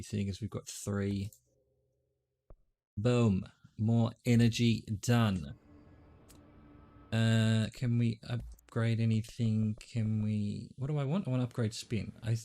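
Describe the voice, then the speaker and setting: A man's voice: medium pitch, darkish tone. A middle-aged man with a mild Australian accent, chatting casually and self-deprecatingly while playing a game, with many fillers. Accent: Australian, softened. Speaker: game streamer. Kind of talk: casual gameplay commentary.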